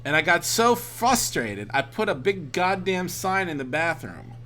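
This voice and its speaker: A man's voice: on the high side, big pitch swings, a little slow, bright, forceful tone. A man streaming while drinking, telling a rambling, profane anecdote in a casual way. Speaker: art streamer. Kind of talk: casual storytelling on a livestream.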